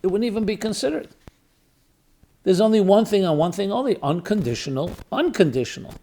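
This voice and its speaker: A rabbi hosting a podcast, speaking in a fairly high male voice. He lectures emphatically, repeats key words to drive a point home and weighs arguments aloud with rhetorical questions. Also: fairly quick, mellow. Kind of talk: spoken lecture answering questions.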